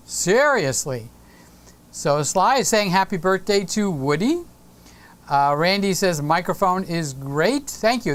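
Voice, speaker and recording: A woman with a medium-pitched voice hosts a live stream in a casual, playful way. She reads viewer comments aloud, teases, and every so often breaks into a sung snippet.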